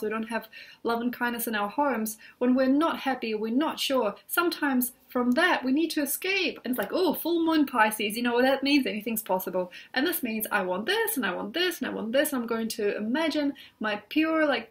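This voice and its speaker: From her bed at home, a woman astrologer with a slightly high voice talks casually about astrology. Her speech wanders in a loose, reflective way, peppered with "like" and "you know," and the audio has the feel of an informal computer recording.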